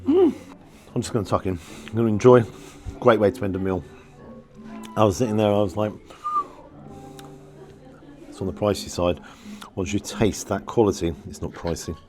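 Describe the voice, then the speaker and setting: A man reviewing a restaurant meal in a casual vlog, talking excitedly and repeating his exclamations. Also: fairly low pitch, moderate pace, pauses often, faint music behind. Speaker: food vlogger. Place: restaurant, then outdoors in the street.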